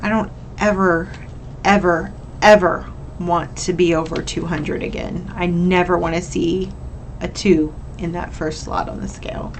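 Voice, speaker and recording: A woman's voice: lowish voice, steady tone, unhurried, a little hiss or hum, rough recording. A young woman, talking candidly and upbeat to her camera in a casual vlog, sometimes getting emotional. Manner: candid, upbeat, emotional at times, says "y'all". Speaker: vlogger.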